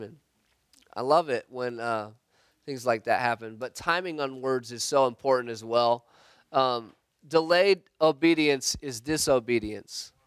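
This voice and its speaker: A man leading a church group discussion, telling a story in an earnest, halting way with restarts. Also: medium pitch, clean tone, no echo.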